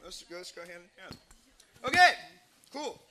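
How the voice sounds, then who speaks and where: A man's voice: high voice, very animated, a little slow, bright, forceful tone. A young man hosting a live campus talk show, chatty and laughing often. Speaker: host. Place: campus stage with live audience.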